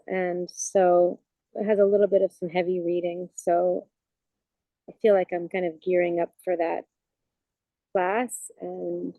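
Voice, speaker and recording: A woman's voice: lowish voice, dark tone, no room sound, rough recording. A woman chaplain talking as a guest in a casual, reflective conversation, searching for words with frequent "you know" fillers.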